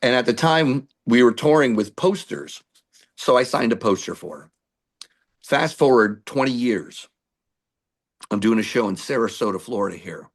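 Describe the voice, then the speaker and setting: A middle-aged male musician telling lively stories in an interview, acting out what people said to him. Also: mid-range voice, moderate pace. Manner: animated anecdotes with acted-out quotes. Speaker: musician guest. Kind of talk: storytelling interview.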